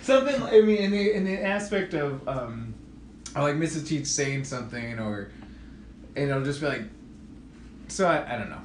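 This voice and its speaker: A man's voice: a little high, sing-song, normal speed, long pauses. Give me a rambling, hesitant man on a podcast, in an echoey room with faint noise. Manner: rambling, laughs often, hesitant. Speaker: podcast co-host. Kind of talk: casual chat.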